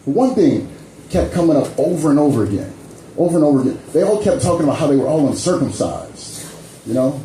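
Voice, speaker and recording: A man working a comedy club stage with a mellow, relaxed tone and a lively, swinging pitch. He talks loosely to the crowd, tagging lines with "you know" and "man". The mic carries the echo of the club room, with faint ambience behind. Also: fast, slight background noise. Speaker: stand-up comedian. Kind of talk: stand-up set with crowd work.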